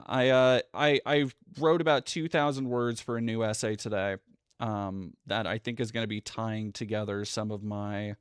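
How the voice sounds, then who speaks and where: A man's voice: lowish voice, clean tone, no echo. Male streamer, casual reaction commentary, swears freely, stops and restarts, dry close sound. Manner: profane, blunt, halting restarts. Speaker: livestream host.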